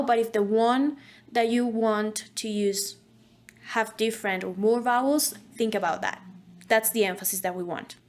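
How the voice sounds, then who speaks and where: A woman teaching an online voice acting course, speaking in an instructive way and demonstrating diction drills. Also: a little high.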